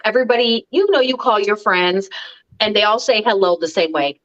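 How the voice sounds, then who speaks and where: A woman's voice: mid-range voice, lively intonation, quick pace, a bit bright. A woman co-hosting a casual talk show, telling a story bluntly with lots of swearing and acting out both sides of a phone call. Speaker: podcast co-host. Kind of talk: casual chat.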